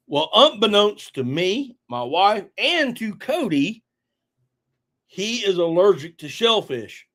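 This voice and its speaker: A middle-aged man with a slightly high, fairly bright voice hosts a live stream. In a casual, storytelling chat, he rambles through a hunting tale, laughing and using plenty of fillers.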